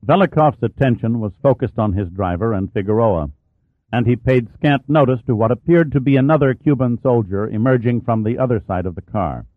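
Male audiobook narrator, low voice, measured delivery, dry tinny sound. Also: no echo. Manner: steady, measured reading. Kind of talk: scripted narration. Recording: dry, phone-like narrow sound.

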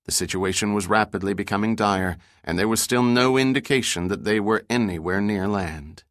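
Low-voiced man narrating a thriller. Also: dry recording, studio quality. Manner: even, measured storytelling. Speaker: audiobook narrator. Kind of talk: scripted narration.

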